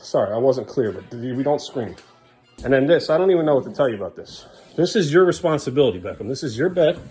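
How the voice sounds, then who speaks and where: A man's voice: mid-range voice, lively intonation, fast, darkish tone. A father talks his way through a casual family vlog at home. He coaxes and teases his small children in an everyday, playful voice. Faint music plays in the background. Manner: coaxing and bantering with small children. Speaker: father vlogging his day with his sons.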